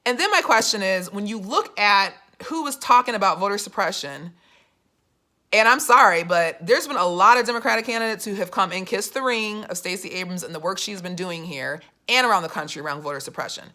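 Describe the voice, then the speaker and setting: A young woman telling a story and giving political commentary in a casual vlog, animated and full of fillers, acting out the people she quotes. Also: medium pitch, a little fast. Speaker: political vlogger.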